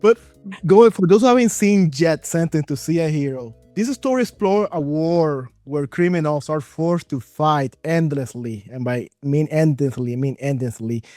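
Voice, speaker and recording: A man's voice: a little high, normal speed, a little mellow, no echo. Spanish-accented guy hosting an interview, dry close sound, faint music. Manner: enthusiastic, stumbling over names. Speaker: interview host.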